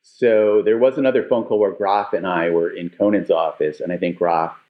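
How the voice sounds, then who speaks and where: A man's voice: sits low, normal speed. A man, a former comedy writer, casually telling stories on a podcast, rambling and correcting himself as he goes. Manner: rambling, self-correcting, animated when retelling. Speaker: guest, former late-night writer. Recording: roomy, slightly dull remote audio.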